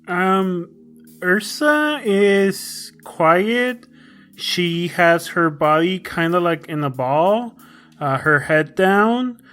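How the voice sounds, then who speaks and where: Slow, halting player with a bright voice. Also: mid-range voice, expressive. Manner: halting, with many fillers. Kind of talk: tabletop role-play.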